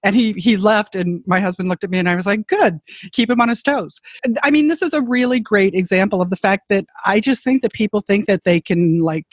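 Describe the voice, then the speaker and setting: A woman's voice: mid-range voice, animated, a little fast, no echo. A woman hosting a podcast interview, speaking earnestly and chiming in supportively. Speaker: podcast host. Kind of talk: casual interview chat.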